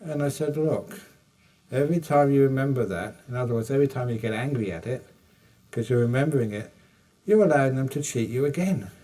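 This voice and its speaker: Older monk, mic at a distance. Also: male voice, medium pitch, fairly quick, warm tone. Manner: humorous storytelling, acts out dialogue. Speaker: meditation teacher. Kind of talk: dharma talk answering questions. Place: retreat hall.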